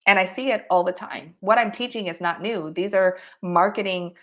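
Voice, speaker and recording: Her mid-range voice moves at a normal pace as she leads an online marketing coaching session, emphatic and expressive, acting out examples and often breaking into laughter between points.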